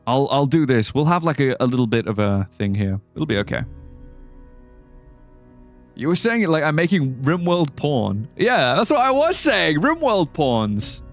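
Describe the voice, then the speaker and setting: A creaky, mid-range male voice carries a casual live-stream chat over gameplay. He rambles and jokes with viewers, laughs often, and faint music sits underneath.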